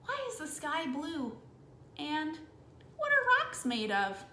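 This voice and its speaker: A woman's voice: sits high, huge pitch swings, takes it slowly, sharp tone, reverberant, voice pushed up, exaggerated voice. A woman voicing a curious young male elephant calf from a storybook, who eagerly asks question after question.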